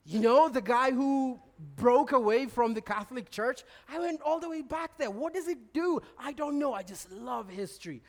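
A man giving a sermon, telling stories with lively restarts and laughter. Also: very high voice, moderate pace, few pauses. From Kenya. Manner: animated storytelling, stammered restarts, bursts of laughter. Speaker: preacher.

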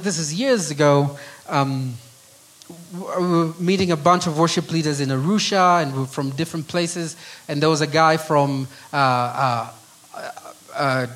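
Kenyan pastor preaching, soft hushed emphasis. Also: male voice, on the high side, rough recording. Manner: earnest, drops to a hushed voice on key phrases. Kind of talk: sermon.

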